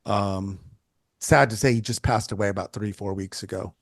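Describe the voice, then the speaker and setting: A man in his sixties, a photographer telling stories in a casual interview, animated and chatty, often restarting his sentences and swearing freely. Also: lowish voice, normal speed, gravelly, no room sound, studio quality. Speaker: photographer guest.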